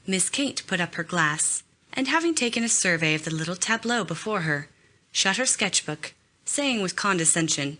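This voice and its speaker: A woman narrating a classic novel in a measured, expressive way. Her voice is bright and a touch low. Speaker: audiobook narrator. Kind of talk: scripted narration.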